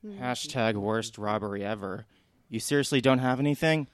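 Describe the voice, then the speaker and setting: A man's voice: mid-range voice, moderate pace, no room sound, natural voice. A man voicing a crude, easily confused young thief in an audio drama, blunt and swearing.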